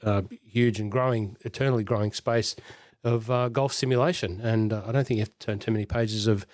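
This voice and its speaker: A man's voice: lowish voice, steady tone, fairly quick, darkish tone, no echo, clean studio sound. A middle-aged Australian man co-hosting a podcast in casual chat, rambling and self-deprecating. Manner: rambling, self-deprecating, many fillers and restarts. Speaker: podcast co-host.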